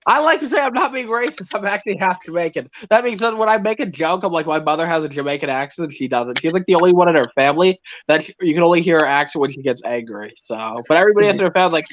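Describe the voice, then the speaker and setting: A man's voice: high-pitched, expressive, rapid-fire, few pauses, fairly bright tone, highs cut off, a little hiss or hum. A man co-hosting a casual stream chat, joking and playful.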